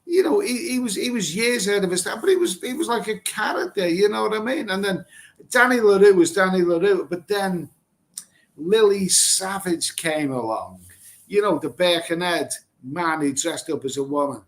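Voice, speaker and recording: A middle-aged man from England runs a casual live stream and reads out viewer comments. He answers them bluntly, rambles and repeats himself, and swears without a second thought. His voice sits a little high for a man. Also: lively intonation, moderate pace. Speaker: livestream host reading viewer comments. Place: Thailand.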